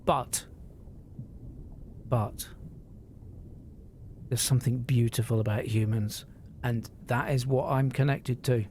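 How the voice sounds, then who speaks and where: A man's voice: mid-range voice, fairly even intonation, slow, long pauses, darkish tone, slight background noise. A man, talking to live-stream viewers in an earnest, emotional, rambling way, swearing freely and often restarting his sentences.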